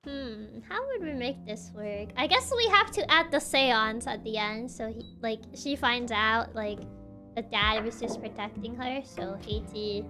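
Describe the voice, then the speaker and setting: A woman's voice: a little high, unhurried, pushed and bright, soft background music. A woman streamer giving casual gameplay commentary, giggling often and thinking aloud as she works out a puzzle.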